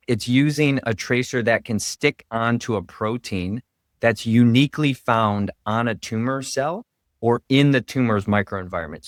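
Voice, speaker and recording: A man's voice: medium pitch, no echo, clean studio sound. A man, a radiation oncologist, explaining his work in an earnest, step-by-step way as a podcast guest. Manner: earnest, explanatory, heavy on "really" fillers. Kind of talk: interview podcast conversation.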